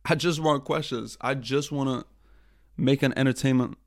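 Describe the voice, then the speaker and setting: A man's voice: mid-range voice, normal speed, no echo, studio quality. A young man hosting his own podcast over a livestream, talking casually, swearing and mocking himself. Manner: frustrated, profane, self-mocking. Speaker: podcast host.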